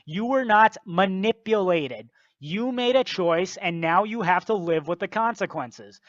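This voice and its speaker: A man's voice: high voice, expressive, a little slow, no echo, dull audio. A man giving blunt, lecturing scripted commentary on a video.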